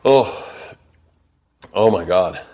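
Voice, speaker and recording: Profane storytelling comedian, low voice. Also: male voice, lively intonation, very slow, dark tone, husky. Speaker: podcast host; stand-up comedian. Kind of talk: casual chat.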